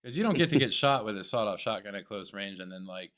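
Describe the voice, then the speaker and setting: A man's voice: lowish voice, animated, fast talker, a bit bright. A man co-hosting a podcast, joking and rambling in casual chat. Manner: joking, rambling banter, calls people dude. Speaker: podcast co-host.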